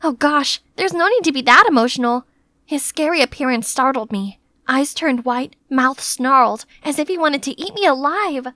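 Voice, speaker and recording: A young woman narrating an animated story in the first person, in a lively, chatty way. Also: high voice, normal speed, no echo, clean studio sound.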